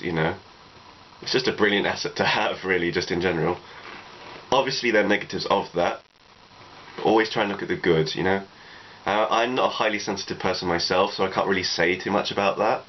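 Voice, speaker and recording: Young guy, deep voice, rambly advice chat, kinda muffled lo-fi audio with faint hiss. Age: 20s. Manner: rambling, reflective, frequent "you know". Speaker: vlogger. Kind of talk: casual advice monologue. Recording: dull lo-fi recording with faint noise.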